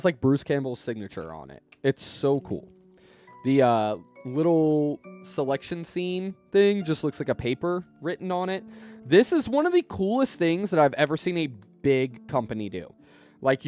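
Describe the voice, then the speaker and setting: A man's voice: on the high side, a little mellow. A young man casually chatting on his stream, enthusiastic and rambling with lots of fillers. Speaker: streamer showing his movie collection.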